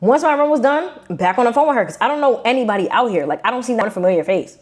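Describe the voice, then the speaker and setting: A young woman from Brooklyn with a New York accent, telling a personal story to her viewers in a casual, animated, slangy way. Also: on the high side, fast. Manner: animated, slangy, acts out quotes in shifting voices. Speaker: vlogger.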